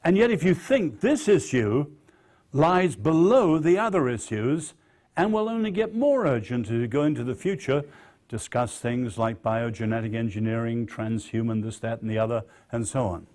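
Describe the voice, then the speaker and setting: A man with an English accent delivers a public lecture at a middling pitch. He speaks in a measured way with dry wit and lands firm emphasis on his key phrases. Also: animated, darkish tone. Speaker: guest lecturer.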